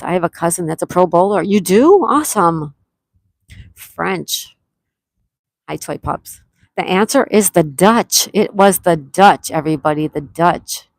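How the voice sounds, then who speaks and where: A woman hosts a relaxed live-stream trivia game, greeting her viewers by name and reading their answers aloud. Her voice sits a little low, and she drags out each question slowly to give everyone time. The sound is close and dry, with no room around it. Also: dry recording. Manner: chatty, reads chat aloud, repeats questions slowly. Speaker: livestream trivia host.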